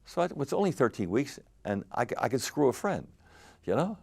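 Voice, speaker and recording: An older man, a game show host, telling stories in an interview with lively animated delivery. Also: medium pitch, a little fast, gravelly, husky. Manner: animated anecdotal storytelling with laughs. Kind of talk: storytelling interview.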